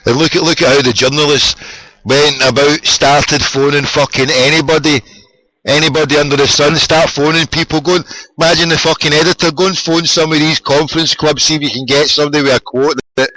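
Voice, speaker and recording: A Scottish man telling football-trip stories in a sweary, excitable casual chat. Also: a little high, a little fast, low-quality recording.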